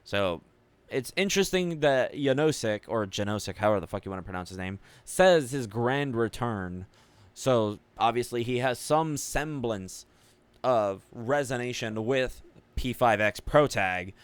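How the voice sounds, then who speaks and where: A man's voice: mid-range voice, lively intonation, unhurried, clear, resonant tone, no echo. A man in a mid-range voice talks casually over game footage. He rambles and muses aloud, trailing off into fillers and throwing in the occasional offhand swear word. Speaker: gaming video creator.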